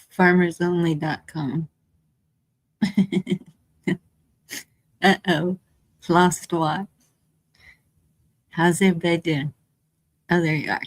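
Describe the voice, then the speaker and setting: A woman's voice: on the low side, fairly even intonation, takes it slowly, pauses often, dry recording. A woman from San Antonio co-hosting a casual live stream, giggly and laughing often. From San Antonio, Texas.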